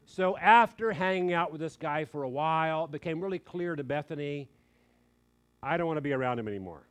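Older guy giving a sermon, kinda high voice, chatty and earnest. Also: brisk. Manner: earnest, conversational, quoting others in lively asides. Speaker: preacher. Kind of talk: sermon with personal story.

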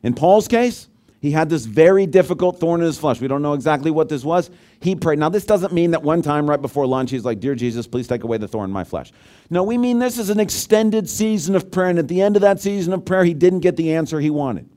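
A man delivers a sermon, his voice sitting a little higher than most men's. He stays conversational and keeps asking his listeners questions. He rises to loud, emphatic peaks and then sinks into quiet, low asides. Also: animated, brisk. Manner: conversational, asks the congregation questions. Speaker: pastor.

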